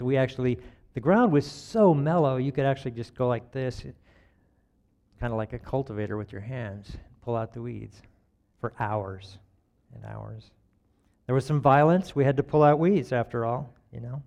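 A man giving a relaxed, conversational sermon, telling everyday stories in a folksy way and chuckling at himself. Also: medium pitch, normal speed, creaky, muffled recording.

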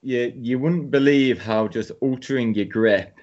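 Calm man explaining casting technique. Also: mid-range voice, a little slow, muffled recording. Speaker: casting instructor.

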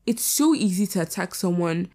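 A woman's voice: lowish voice, expressive, moderate pace, mellow. A teenage girl giving blunt, sassy advice in a casual vlog, swearing freely. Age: teens. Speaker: vlogger.

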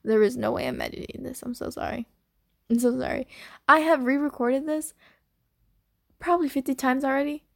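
A woman's voice: high-pitched, fairly even intonation, a little fast, gravelly, long pauses, fairly bright tone, no room sound, clean studio sound. A young woman hosting her own unedited podcast, chatting in a scatterbrained, apologetic way. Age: young adult. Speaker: podcast host. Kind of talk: casual unedited podcast chat.

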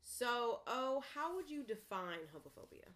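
A woman with a bright, forceful voice co-hosts a podcast. She talks in a loose, conversational way and cuts in often, keen to add her own point. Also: a little high, sing-song, a little slow. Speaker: podcast co-host. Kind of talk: casual chat.

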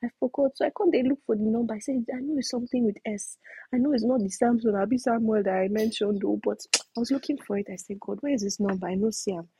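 Animated Nigerian woman telling a story. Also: on the high side, fast talker, breathy edge, dry recording, poor audio. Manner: animated, switches into pidgin, acts out shouting. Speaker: storyteller in group chat. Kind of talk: casual storytelling.

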